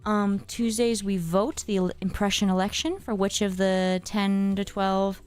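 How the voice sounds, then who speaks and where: Smooth-voiced woman streamer, chatty and scattered. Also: mid-range voice, fairly even intonation, a little slow, a little mellow, faint music behind. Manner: scattered and hesitant, many fillers and restarts. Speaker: streamer hosting her channel. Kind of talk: casual live-stream chat.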